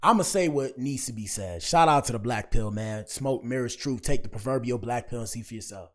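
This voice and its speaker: A man's voice: mid-range voice, brisk, fairly bright tone. A man hosting a podcast, talking alone in casual slang, preachy and given to repeating himself. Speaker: podcast host. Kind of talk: casual commentary monologue.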